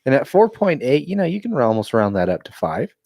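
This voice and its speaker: A man co-hosting a podcast, relaxed and conversational while reviewing beer with a friend. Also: mid-range voice, fairly quick, gravelly, dry recording, clean studio sound. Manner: laid-back, relaxed, conversational. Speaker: podcast co-host. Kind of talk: casual beer review chat.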